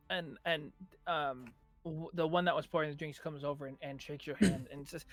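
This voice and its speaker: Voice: medium pitch, fairly even intonation, moderate pace, no echo, faint music behind. A game master narrating a tabletop game, rambling and full of fillers.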